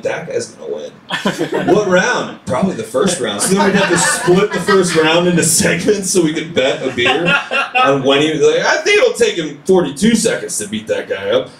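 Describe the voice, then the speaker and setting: Guy doing stand-up in a club, bit high voice, lots of "like", audible room noise. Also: a bit bright. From small town. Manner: chatty, leans on "like", acts out quotes. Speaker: stand-up comedian. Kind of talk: stand-up routine. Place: comedy club stage. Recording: echoey club room heard from far off.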